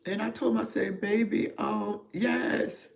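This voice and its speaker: A middle-aged woman speaks to her livestream audience as a spiritual therapist, her voice emotional and confiding. She talks slowly and reflectively, pausing often and leaning on soft fillers as she searches for words. The tone is that of a personal, confessional talk. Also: medium pitch, fairly even intonation, gravelly. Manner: slow, reflective, heavy with pauses and fillers.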